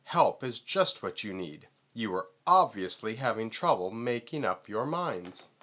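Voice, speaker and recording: A man's voice: fairly low pitch, very animated, a little slow, pushed and bright, lo-fi sound, a little hiss or hum, heavily acted. A man voicing a vain, pushy male vulture in a storybook read-aloud, boastful and screechy. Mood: smug.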